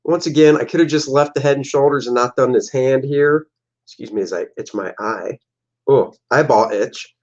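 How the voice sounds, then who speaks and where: A man's voice: medium pitch, moderate pace, darkish tone, highs cut off. A man, a comic artist, casually talking through his own old artwork, joking and making silly sound effects. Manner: jokey, playful, makes silly sound effects.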